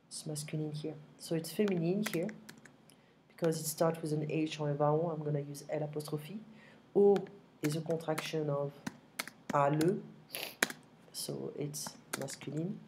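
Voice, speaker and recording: A woman's voice: sits low, steady tone, warm tone, slight background noise. A woman teaching in a casual online lesson, patient and repetitive, checking in with "okay?", recorded at home on her computer microphone. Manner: patient, repeats phrases slowly, frequent "okay?". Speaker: French teacher. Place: home, next to her kitchen.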